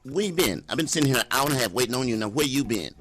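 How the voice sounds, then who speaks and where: Man doing a nagging suspicious wife, swooping lively pitch, rapid repeated questions, radio comedy sketch. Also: music in the background, close to an everyday voice. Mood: demanding. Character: nagging suspicious wife, adult woman, relentless.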